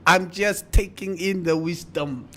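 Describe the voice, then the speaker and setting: A young man co-hosting a radio show from a studio, joking and laughing loudly, mixing English with Afrikaans. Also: high voice, measured pace. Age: young adult. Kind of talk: casual studio banter.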